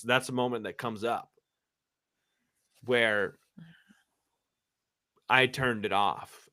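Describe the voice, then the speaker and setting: A man's voice: fairly low pitch, sharp tone. A man speaking candidly in a conversation, impassioned and emphatic, often repeating words as he pushes his point.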